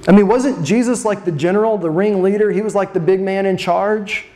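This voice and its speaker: A preacher delivering a sermon with expressive, slow dramatic emphasis and rhetorical questions. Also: medium pitch.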